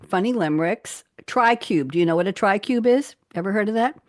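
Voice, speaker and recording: A woman's voice: mid-range voice, animated, brisk, dry recording, clean studio sound. Upbeat chatty woman reading her poems. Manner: chatty and upbeat, laughing often. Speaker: guest poet. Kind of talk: conversational interview, reading own poems aloud.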